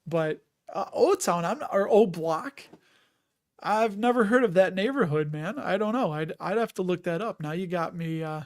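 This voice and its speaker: A man's voice: high voice, normal speed. A man with a Chicago accent hosting a casual live stream, rambling and chatty and often laughing as he reads out viewer comments.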